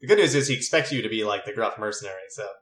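A man's voice: on the low side, expressive, racing, a bit bright. Casual male game master, echoey room. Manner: casual, filler-heavy, laughs easily. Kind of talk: running a tabletop game. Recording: roomy echo.

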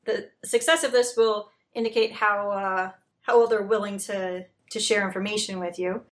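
A woman's voice: mid-range voice, steady tone, moderate pace. A woman narrating as game master, chatty and joking. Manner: chatty, jokey, lots of fillers.

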